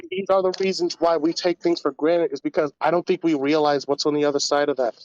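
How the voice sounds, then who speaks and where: A man's voice: on the high side, steady tone, fast talker, a little mellow, lo-fi sound. A man hosting a casual podcast, ranting in a crude, rambling way and slipping into voices. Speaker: podcast host. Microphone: voice call.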